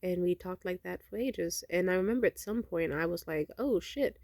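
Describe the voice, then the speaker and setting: A woman's voice: on the low side, brisk, vocal fry, no echo, clean studio sound. A young woman telling a long personal story in a casual vlog, rambling and cursing, acting out both sides of the conversation. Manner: rambling, profane, animated quoting of others. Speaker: vlogger.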